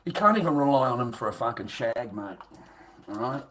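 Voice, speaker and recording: Man, coarse rant to camera, mid pitch, lots of swearing and repetition. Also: lively intonation, brisk, a bit bright, poor audio. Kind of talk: ranting monologue to camera.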